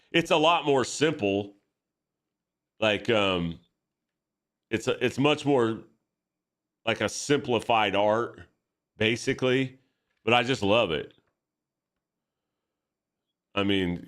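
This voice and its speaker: A man chatting casually while drawing at his art desk, excitable, profane and rambling. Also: fairly low pitch. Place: home art desk with camera setup.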